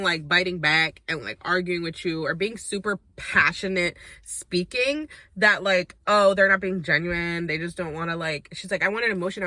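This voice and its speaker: A woman's voice: lowish voice, sharp tone, no room sound. A young adult woman recapping a reality dating show in a chatty, sassy, opinionated way. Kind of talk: casual recap and commentary.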